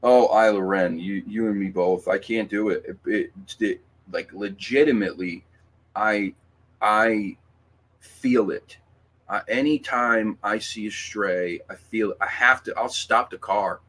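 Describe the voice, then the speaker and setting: A man's voice: on the low side, a little slow, fairly bright tone. A man hosting a casual livestream, reading viewer comments and talking in a rambling, emphatic way with lots of fillers, restarts and swearing.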